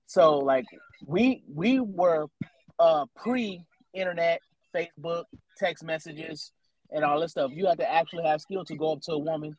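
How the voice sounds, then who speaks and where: A man in his thirties with a slightly high voice holds forth on a casual podcast. He teases with quick questions, then lays out his views at length. The sound is dry, with no room echo. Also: darkish tone. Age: 30s. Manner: teasing, quizzing questions, then long opinionated explanations. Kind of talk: casual chat.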